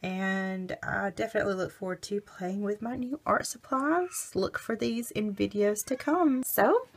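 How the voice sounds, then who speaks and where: A woman with a scratchy, hoarse voice from illness, chatting casually as she hosts a craft video. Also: medium pitch, unhurried. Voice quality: scratchy, gravelly. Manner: chatty, rambling, relaxed. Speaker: craft channel host. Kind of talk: casual unboxing vlog chat.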